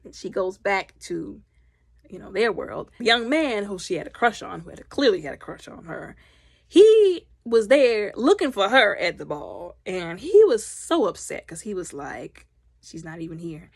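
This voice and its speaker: A woman recapping a movie in a loud, chatty way, slipping into the characters' lines as she retells scenes. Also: mid-range voice, sing-song, normal speed, gravelly, slightly rough, dry recording, studio quality. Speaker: movie reviewer.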